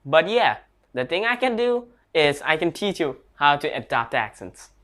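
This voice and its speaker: A man's voice: fairly high pitch, sing-song, a bit bright. A man giving a casual online English lesson, speaking hesitantly with restarts and non-native grammar. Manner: slow, hesitant talk with restarts. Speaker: English teacher.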